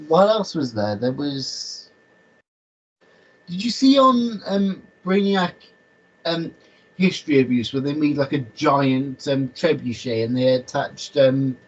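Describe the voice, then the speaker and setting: A man's voice: mid-range voice, highs cut off. A man chatting casually on a video call, rambling with lots of stammered restarts. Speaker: host.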